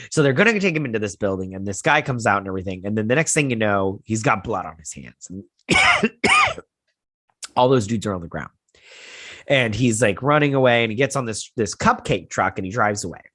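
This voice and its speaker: A man hosting a casual episode recap and review, rambling through it in an animated way and leaning on "he's like" retellings. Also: medium pitch, a little fast, no echo, clean studio sound. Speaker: host.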